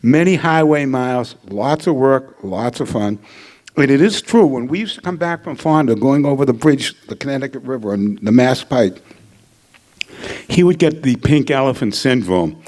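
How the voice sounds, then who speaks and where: A man's voice: mid-range voice, lively intonation, moderate pace, darkish tone. An older man giving a hall of fame acceptance speech at a podium microphone, telling joking stories and anecdotes. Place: ceremony hall.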